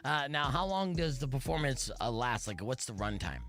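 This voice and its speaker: A man's voice: medium pitch, sing-song, normal speed, a bit bright, soft background music. Laid-back man hosting a podcast. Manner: laid-back, filler-heavy, joking. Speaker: podcast host. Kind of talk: casual interview chat.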